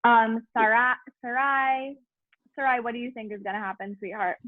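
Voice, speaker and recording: A woman's voice: fairly high pitch, steady tone, normal speed, no echo. Woman teacher reading aloud to an online class, tinny dry line, encouraging. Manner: warm encouraging classroom prompts. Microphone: video call. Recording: tinny video-call audio.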